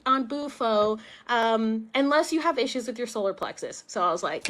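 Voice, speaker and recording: A woman's voice: fairly high pitch, moderate pace, hardly any pauses, fairly bright tone. A young woman casually telling a personal story on a live stream, chatty, with many fillers and acted-out quotes. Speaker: podcast host.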